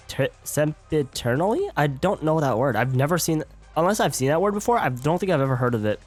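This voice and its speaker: A man's voice: on the high side, expressive, fairly quick, soft background music. A man streaming a game live, chatting casually, stumbling over words and joking with his chat.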